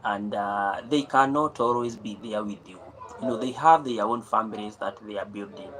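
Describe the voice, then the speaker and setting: Brief: male live host, lowish voice, loose rambling delivery, light room hum behind. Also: normal speed, fairly bright tone, poor audio. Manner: rambling, repeats phrases, many fillers. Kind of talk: unscripted talk on saving.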